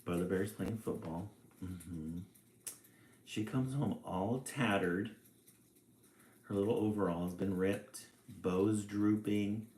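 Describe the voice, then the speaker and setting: A man reading a children's picture book aloud, with relaxed, chatty asides between passages. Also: fairly low pitch, takes it slowly, pauses often, slight background noise. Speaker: storybook reader. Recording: echoey room.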